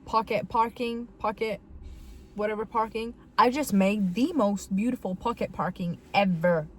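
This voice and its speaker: A woman's voice: mid-range voice, moderate pace. A young woman vlogging casually, telling a story in a rambling, giggly and emotional way with many fillers.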